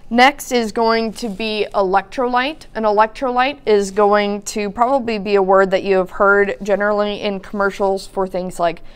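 Woman teacher explaining a chemistry lesson, smooth clear voice, patient, some uh's. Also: mid-range voice. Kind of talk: recorded lecture narration.

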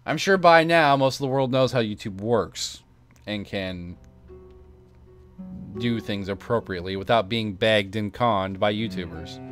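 A man's voice: fairly low pitch, a little slow, a bit bright, faint music behind. A man hosting a gaming channel, chatting casually with sarcastic, rambling asides while playing. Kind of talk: casual let's-play commentary.

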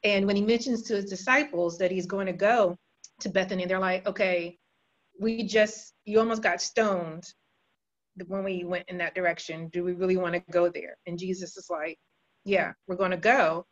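A woman's voice: lowish voice, fairly even intonation, normal speed. Woman retelling a story all chatty, fixes herself a lot, kinda muffled recording. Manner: chatty, with fillers and self-corrections. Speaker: church member retelling a Bible story. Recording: dull lo-fi recording.

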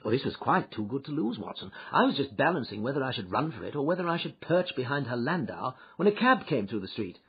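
A man reading an audiobook, voicing a shrewd male detective who recounts his adventure with lively, wry storytelling, on a dull lo-fi recording. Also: mid-range voice, fast talker, hardly any pauses, slightly rough, exaggerated voice. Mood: amused.

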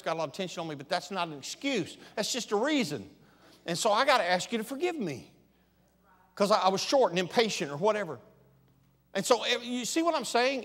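High-voiced preaching pastor, church reverb. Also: male voice. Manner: swings from soft conversational asides to loud emphatic preaching. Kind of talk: sermon. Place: large church sanctuary.

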